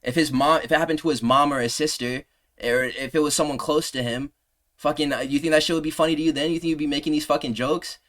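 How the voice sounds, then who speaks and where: A man in his twenties ranting heatedly in a commentary video, combative and heavy on profanity, his voice sinking low on trailing asides. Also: steady tone, fast talker, a bit bright. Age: 20s. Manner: drops pitch on trailing "bro". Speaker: MMA commentary creator.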